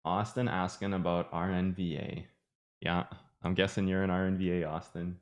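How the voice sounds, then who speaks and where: A man's voice: sits low, little pitch movement, normal speed. A man with an Irish accent giving chatty, rambling live commentary on trading charts, joking at himself as he goes. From Ireland. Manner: chatty, rambling, self-mocking. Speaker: trading streamer.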